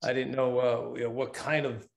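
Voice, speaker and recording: Male actor guest on a video call, soft-spoken, halting and sentimental, mid-pitched. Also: little pitch movement, creaky. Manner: halting, full of restarts, sentimental. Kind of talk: reflective interview answer.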